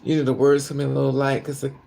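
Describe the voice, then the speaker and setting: A woman's voice: extremely low pitch, monotone, racing, creaky, mellow. A woman chatting casually on a live stream from her car, telling stories and quoting people in raised voices. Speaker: vlogger.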